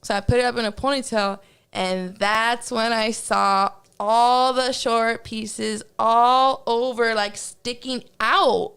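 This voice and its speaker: A woman sits as a podcast guest and tells a story in loose, casual talk. She swears freely and acts out her own gasps and reactions. Her voice sits a little high. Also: fairly even intonation, slow, fairly bright tone, clear, resonant tone.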